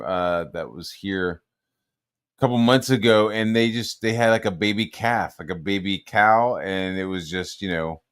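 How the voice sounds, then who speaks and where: Low-voiced, profane, easygoing chatter, dry close sound. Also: male voice, clean tone, no echo. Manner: profane, laid-back, says "like" and "dude" a lot. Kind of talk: casual chat.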